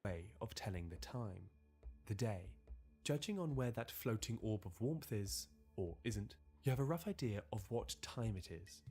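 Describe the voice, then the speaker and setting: Man, lowish voice, scripted documentary narration, measured, music underneath. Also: lively intonation, a little mellow. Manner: measured, storytelling.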